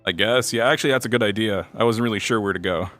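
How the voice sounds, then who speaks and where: A man with a low, bright voice speaks in character during a roleplay stream. He mumbles and hesitates, filling gaps with short sounds. Faint music plays behind him. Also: fast.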